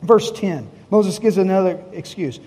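A man preaching a sermon with a fairly high, husky voice, which rings out in a reverberant hall. He talks in a conversational way, putting questions to the congregation and acting out bits of dialogue from the story. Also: unhurried, mellow. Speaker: pastor. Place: church hall before a congregation.

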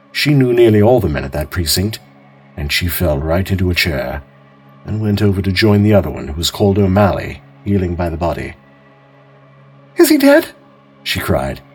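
A man hosting and narrating a calm mystery story in a measured, expressive way. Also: sits low, breathy edge. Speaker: host and narrator.

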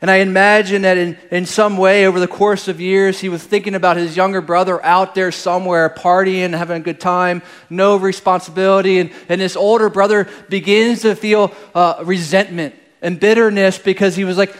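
Male pastor preaching, smooth resonant voice, slightly high, earnest, halting restarts. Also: flat delivery. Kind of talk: sermon.

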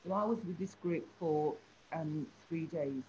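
A woman tells a story from her teaching work, full of life and acting out each person she describes. Her voice sits at a middle pitch. The recording is a little dull, with a faint hum behind her. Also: unhurried. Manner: animated storytelling, acts out the people she describes. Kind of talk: anecdote in an interview.

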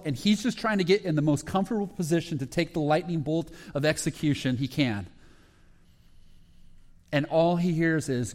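A man preaching a sermon as a pastor, retelling a story with lively quoted voices. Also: fairly high pitch. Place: church sanctuary. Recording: long reverb of a hall.

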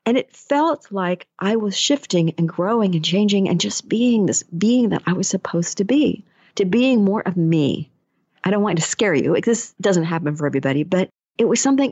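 A woman's voice: medium pitch, a little mellow, slightly rough, no room sound. Chatty woman on a dull, dry recording. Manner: chatty storyteller who acts out quoted dialogue. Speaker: energy healer and life coach. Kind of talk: casual personal monologue.

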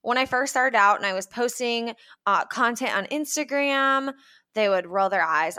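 A woman's voice: on the high side, moderate pace, sharp tone. A young woman hosting a podcast, talking casually and upbeat, acting out little quoted voices as she goes. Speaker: podcast host.

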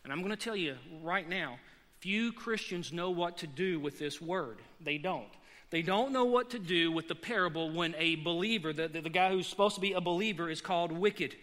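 A male pastor preaching a sermon in a church sanctuary, emphatic, repeating key words and climbing in pitch and force as he presses his points. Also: normal speed, fairly bright tone. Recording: long hall reverb.

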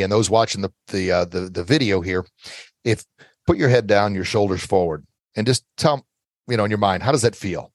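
Earnest low-voiced man coaching. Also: no echo. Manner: earnest, coaching, repeats key phrases. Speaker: self-defense instructor guest. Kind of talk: motivational interview advice.

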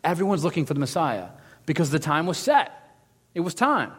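Casual preacher, higher voice, hall reverb. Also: male voice, brisk, husky. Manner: casual, animated storytelling with acted quotes. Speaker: pastor. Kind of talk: sermon.

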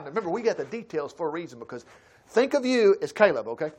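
A man teaching a Bible study sermon in a folksy way, acting out quotes with sudden loud outbursts. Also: a little high, big pitch swings, fast, husky. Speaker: preacher.

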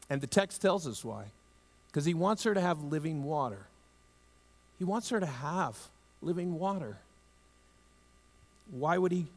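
A male pastor preaching a sermon in a conversational way, lifting his voice for emphasis and dropping it low and soft for tender asides. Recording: long hall reverb.

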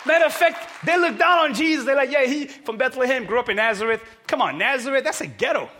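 A man preaching a sermon to a congregation, energetic and often shouting. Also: very high-pitched, fast, some chatter behind, a little hiss or hum. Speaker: pastor. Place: church hall with congregation.

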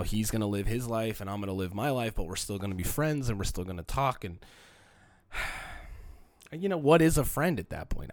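A man's voice: lowish voice, no room sound. A young man hosting a solo podcast, sick with a cold, talking in a rambling, candid, profane and emotional way. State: sick with a cold, congested and coughing. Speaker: podcast host.

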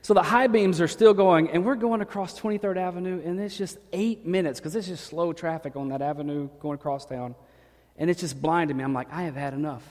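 Lively, joking pastor in an echoey hall. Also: male voice, high voice, a little fast. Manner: animated, joking storyteller. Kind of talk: sermon with personal storytelling.

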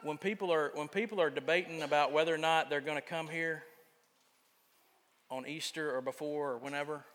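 A man preaching a sermon as pastor in a church, earnest, moving between loud emphasis and quiet confiding. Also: fairly high pitch, fairly even intonation, brisk, a little hiss or hum. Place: church sanctuary. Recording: long church reverb.

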